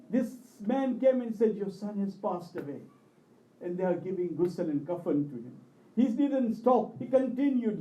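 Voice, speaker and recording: A man's voice: high voice, mellow. A man preaching a religious sermon, telling a story with impassioned rises and falls in his voice. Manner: impassioned storytelling, voice rising and falling with emotion. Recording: echoey hall, mic at a distance.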